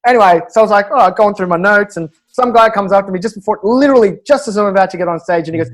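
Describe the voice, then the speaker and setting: Fast-talking Australian man telling stories. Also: high-pitched, low-quality recording. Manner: animated, chuckling through his own stories. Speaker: guest comedian. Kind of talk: storytelling anecdotes in a podcast interview.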